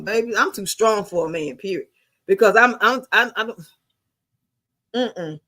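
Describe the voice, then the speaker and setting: A woman in her fifties from the United States tells stories in casual chat, her voice medium-pitched and fairly bright. She's blunt, emphatic and heavily profane.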